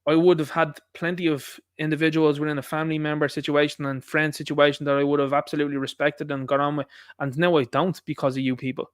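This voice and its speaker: An Irish man rattling through an opinionated political rant at a quick clip. His voice sits a little high for a man and sounds close and dry, with no room around it. He keeps firing rhetorical questions at his viewers. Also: level tone, dry recording. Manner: indignant ranting with rhetorical questions. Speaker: live stream host.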